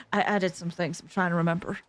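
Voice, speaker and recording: A woman streamer giving casual, playful commentary while playing a game, often giggling. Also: on the low side.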